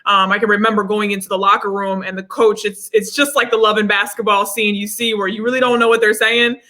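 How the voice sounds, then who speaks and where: Bright-voiced young woman telling a story. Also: mid-range voice, brisk. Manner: animated storyteller, acts out quotes. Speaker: guest. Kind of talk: conversational storytelling. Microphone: video call.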